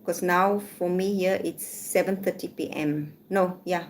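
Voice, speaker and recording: A woman's voice: on the low side, fairly even intonation, measured pace, slight background noise. A woman hosting a livestream from her home, blunt and irritated, talking to herself as she checks messages. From South Africa. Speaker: livestream host. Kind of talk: casual livestream talk. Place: home room in Malaysia.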